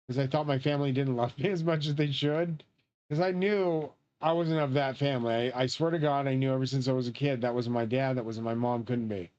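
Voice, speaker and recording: A man's voice: mid-range voice, brisk, darkish tone, highs cut off. A man streaming a shooter game, rambling on in a profane, grandiose way. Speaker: livestreamer playing a shooter game. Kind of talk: rambling live-stream chat.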